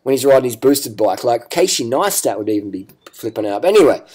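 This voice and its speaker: A man's voice: medium pitch, very animated, fast talker, darkish tone, breathy edge. A man giving ranting vlog commentary, profane, sarcastic and combative. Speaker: cycling vlogger.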